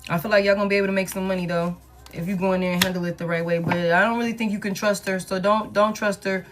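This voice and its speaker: A woman's voice: mid-range voice, fairly even intonation, fast talker, over music. A woman giving a casual tarot reading in a blunt, repetitive, slangy way, often saying "you know what I'm saying,". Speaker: tarot reader.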